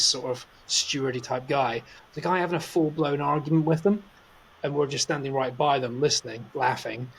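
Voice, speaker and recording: A man's voice: medium pitch, a little hiss or hum. A man, telling a story on a podcast in a casual, swearing way and acting out the other people's lines. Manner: swears freely, acts out quotes, laughs often. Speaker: podcast co-host.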